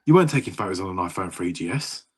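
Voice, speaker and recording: Husky man telling stories. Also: deep voice, animated, rapid-fire. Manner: rambling, laughing storyteller who swears. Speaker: podcast co-host. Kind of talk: casual chat.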